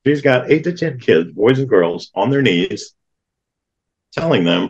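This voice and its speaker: A man, a guest on an interview podcast, telling a personal story with lively acted-out quotes of other people. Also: medium pitch, measured pace, highs cut off. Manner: animated storyteller who acts out quoted voices.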